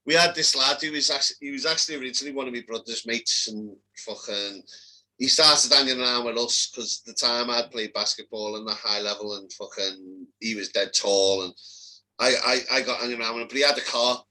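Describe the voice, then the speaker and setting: A young man with a Liverpool accent, co-hosting a casual chat and telling sweary, animated stories. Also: mid-range voice, a little fast, rough recording. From Liverpool, England. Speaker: co-host.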